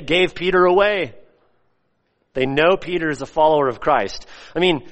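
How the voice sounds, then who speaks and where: A man preaching a sermon, animated and acting out the voices he quotes, recorded in a church. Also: a little high. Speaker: pastor. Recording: long hall reverb.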